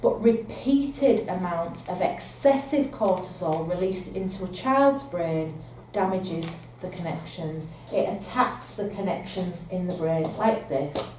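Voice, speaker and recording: Recorded from a distance in an echoey room with faint ambience and a little hiss or hum, this woman speaks in a lowish, slightly mellow voice, unhurried. With a Northern English accent, she trains foster carers, patiently explaining and asking "okay?" to check in.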